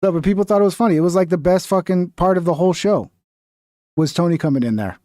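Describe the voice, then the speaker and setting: A man's voice: high-pitched, fast talker, dark tone, no room sound, studio quality. A man giving casual reaction commentary on a video, blunt and profane, mocking the views he disagrees with. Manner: blunt and profane, mocks others in whiny voices.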